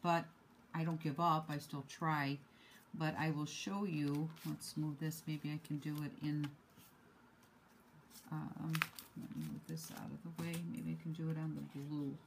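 A woman showing her handmade cards at home in an unhurried, self-deprecating way, with many ums and uhs. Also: sits low, level tone, noisy background. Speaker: card-making hobby vlogger. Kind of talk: casual show-and-tell craft demo.

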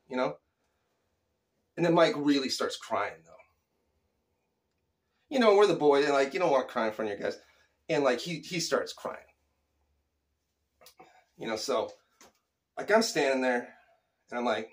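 Middle-aged man, casual storyteller, fairly high and very lively pitch, animated, slangy, chuckling. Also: normal speed, long pauses.

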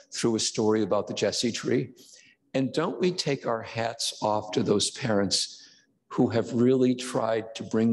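A man's voice: on the low side, slight background noise. An older man giving a conversational sermon as pastor, now and then acting out quoted voices. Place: church sanctuary. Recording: long church reverb.

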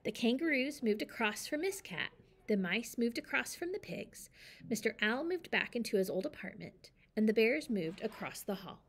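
A woman reading a children's picture book aloud with a lively, expressive delivery. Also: on the high side, normal speed. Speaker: storyteller. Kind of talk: children's story read-aloud.

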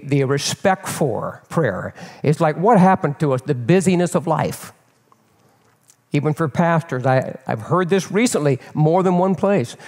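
Animated older pastor, echoing church hall. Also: male voice, fairly high pitch. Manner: animated, candid, repeats words while building. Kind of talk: storytelling sermon. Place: church sanctuary. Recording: long reverb of a church hall.

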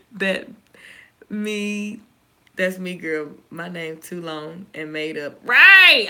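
A woman with a Southern US accent, chatting casually and fast to her viewers, joking and reacting to their comments. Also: mid-range voice, animated, sharp tone. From Southern United States. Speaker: YouTuber. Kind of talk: casual live-stream chat.

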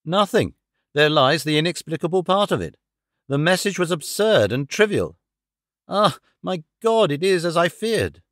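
A man's voice: on the high side, lively intonation, moderate pace, a bit bright, dry recording, clean studio sound. A man reading an earnest young man in distress. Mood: distraught. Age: young adult. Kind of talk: audiobook character reading.

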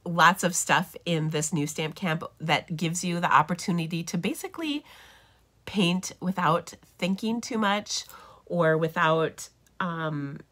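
Her voice fairly low and fairly bright, a middle-aged woman hosts a papercraft stream at an unhurried pace. She's chatty and enthusiastic with many fillers, slightly nasal from being sick.

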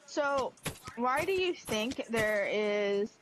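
A woman's voice: fairly high pitch, animated, drawn-out words, background noise. A woman co-hosting a let's play, chatting in a rambling way full of "like". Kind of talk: casual gaming banter.

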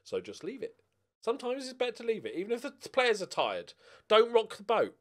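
A man's voice: high voice, huge pitch swings, a little fast, fairly bright tone. Sweary man narrating his gameplay. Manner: swears a lot, swings from mutters to angry outbursts. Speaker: gaming YouTuber. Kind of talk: casual gameplay commentary.

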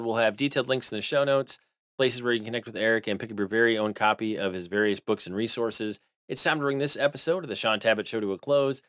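Male podcast host, quick and polished, dry close sound. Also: medium pitch, a bit bright, no room sound. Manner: polished, scripted host wrap-up. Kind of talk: podcast interview.

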